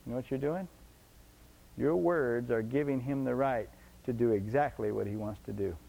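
A man's voice: mid-range voice, normal speed, creaky, mellow, poor audio. A man preaching a sermon emphatically, repeating his points and asking the congregation rhetorical questions.

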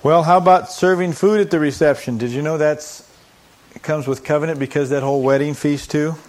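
A man's voice: fairly high pitch, steady tone, brisk, darkish tone. A man preaching a sermon as a pastor. He poses rhetorical questions and answers them, acts out quoted voices and adds humorous asides.

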